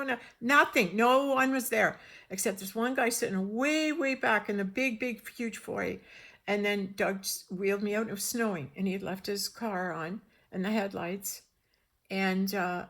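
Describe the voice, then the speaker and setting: A woman telling a personal story in an animated way, often restarting her sentences and acting out the voices of the people she quotes. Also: mid-range voice.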